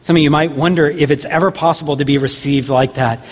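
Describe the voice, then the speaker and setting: A man's voice: a little high, steady tone, fast talker. A man pastor preaching a sermon earnestly, with repeated rhetorical questions. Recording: long hall reverb.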